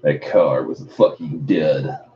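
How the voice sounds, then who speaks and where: Deep husky man chatting on a stream. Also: slow pace, dull audio. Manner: profane, joking, laughs often. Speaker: livestream host. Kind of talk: casual livestream chat, reading viewer comments.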